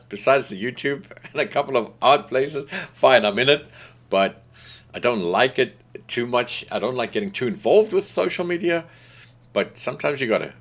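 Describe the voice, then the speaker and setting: A man's voice: mid-range voice, a bit bright. A man talking casually about being an artist, frank and rambling, often repeating his phrases. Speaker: artist and podcast host. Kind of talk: casual monologue.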